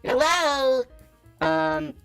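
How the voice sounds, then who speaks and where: Faint music sits behind this exaggerated voice, which has vocal fry and huge pitch swings at normal speed. A caller to a call-in show is impersonating a smug self-proclaimed business guru, a cocky, evasive man who gets defensive.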